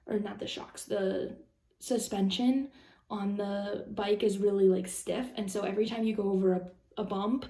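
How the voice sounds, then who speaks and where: Young woman, casual vlog storytelling, gravelly fry, mellow tone, roomy echo, lots of "like" and "um". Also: mid-range voice. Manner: rambling, lots of "like" and "um", anxious retelling. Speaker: vlogger.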